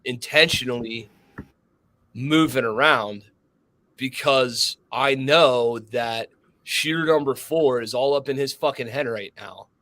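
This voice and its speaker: Dude on a shooting podcast cussing his way through a story, average pitch, acts out other people's voices. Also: unhurried, no room sound. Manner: profane, animated storytelling with acted-out voices. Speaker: podcast co-host, firearms instructor. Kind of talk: casual chat.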